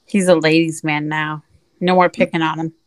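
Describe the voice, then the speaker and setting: A woman's voice: low-pitched, flat delivery, normal speed, clean tone. A woman co-hosting a podcast, chatting casually about a movie with short reactions and quips. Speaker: podcast co-host. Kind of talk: casual movie recap chat.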